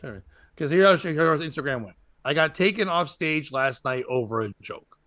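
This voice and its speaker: Bright, tense-voiced male comedian, dry sound. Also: a little high, moderate pace, no echo. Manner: animated, acts out quoted voices. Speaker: comedian and podcast host. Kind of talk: casual storytelling chat.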